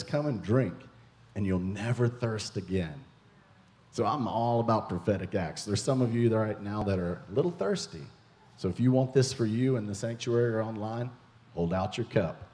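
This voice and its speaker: Playful, excitable male minister, lowish voice, long church reverb. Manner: playful, excitable, jokes with the congregation. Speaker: guest minister. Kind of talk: prophetic ministry at a church service. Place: church sanctuary.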